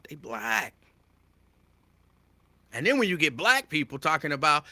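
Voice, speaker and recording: A man's voice: a little high, measured pace, no echo. A male talk show host giving his opinions straight to listeners in an emphatic, repetitive way, addressing them directly. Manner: animated, emphatic, repeats his points, addresses listeners as y'all.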